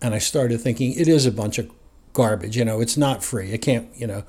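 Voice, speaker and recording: A guest from New Jersey, USA, tells his own story in a middle-pitched voice, talking loosely and conversationally with frequent chuckles. His delivery is brisk, yet his storytelling is relaxed and meandering.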